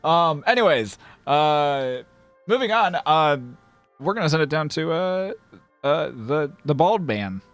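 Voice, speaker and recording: A man's voice: fairly high pitch, expressive, a little slow, clear, resonant tone, soft background music. A man hosting a tabletop game as dungeon master, with a playful, theatrical manner. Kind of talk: casual tabletop game chat.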